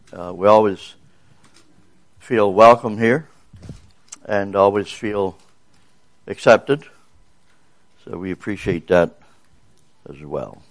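An older man with a bass voice gives a sermon. His pitch sits low, and he talks in a folksy, rambling way with frequent fillers. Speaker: visiting preacher.

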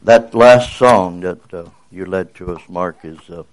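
Older male preacher, bass voice, low pitch, folksy and rambling delivery. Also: a little slow. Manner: folksy and rambling, with many fillers. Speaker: visiting preacher. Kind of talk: sermon.

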